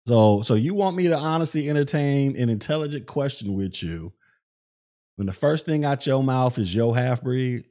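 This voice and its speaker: Reading out chat during his livestream podcast commentary, a middle-aged host with a mid-range voice and lively intonation talks at normal speed. A viewer sets him off, and he turns angry, swears, and ends up shouting.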